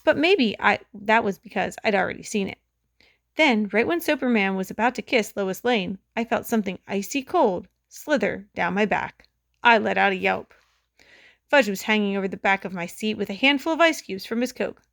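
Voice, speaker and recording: A woman narrates a children's story in the first person, telling it in a lively way. Her voice carries a gravelly edge, and she sits close to the mic in a dry recording. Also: medium pitch, normal speed, dry recording. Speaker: audiobook reader.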